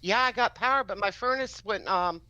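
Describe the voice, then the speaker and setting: A caller in casual chat, speaking plainly and haltingly with many fillers. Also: mid-range voice, pushed and bright, no room sound, highs cut off.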